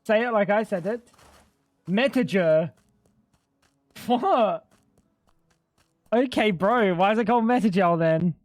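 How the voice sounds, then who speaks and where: A man's voice: sits high, moderate pace, pauses often, no echo. A young man livestreaming a game, bantering with his chat in a joking, profane way. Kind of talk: casual gaming livestream chat.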